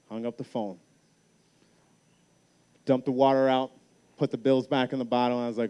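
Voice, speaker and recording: A man speaking at a youth camp, telling his own story as a sermon, dropping soft and slow on key lines. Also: mid-range voice, fairly even intonation. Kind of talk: sermon with personal testimony. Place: large hall at a youth camp.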